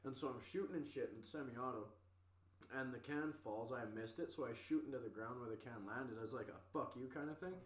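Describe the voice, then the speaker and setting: A man co-hosting a podcast, telling a long story in a rambling, profane, animated way in casual chat. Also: medium pitch, brisk, echoey room. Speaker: podcast co-host.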